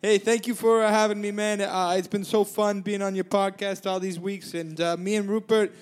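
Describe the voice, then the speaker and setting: A man's voice: sits high, flat delivery, moderate pace, close to an everyday voice. A man doing a comedic impression of a brash, boastful male reality-TV contestant, rambling and joking with stammered restarts. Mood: mischievous. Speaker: podcast co-host in character.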